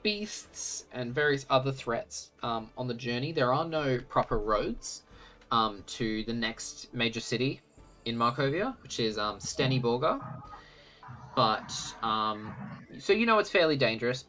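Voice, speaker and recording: Very low-voiced woman game master. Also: expressive, a bit bright, soft background music. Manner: slow, hesitant with many ums. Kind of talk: narrating a tabletop game.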